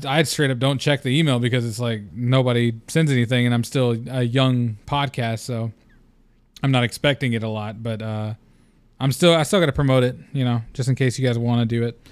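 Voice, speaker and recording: A man's voice: mid-range voice, clear, resonant tone, no echo. A young man hosting a solo podcast, talking in a loose, rambling, candid way with lots of fillers and casual swearing. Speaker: podcast host.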